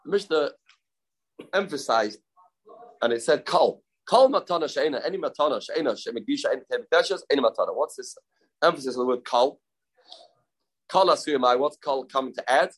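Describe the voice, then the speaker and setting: A man's voice: mid-range voice, lively intonation, a little fast, slightly rough. A man teaching a daily Talmud page, repeating phrases and mixing English with Hebrew and Aramaic terms. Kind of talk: explaining a Talmud page aloud.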